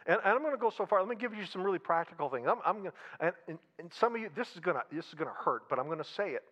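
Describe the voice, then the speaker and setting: Man, pastor, high voice, sermon, repeats his phrases, slightly muffled recording. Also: animated, very fast. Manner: conversational preaching with repeated phrases and humor.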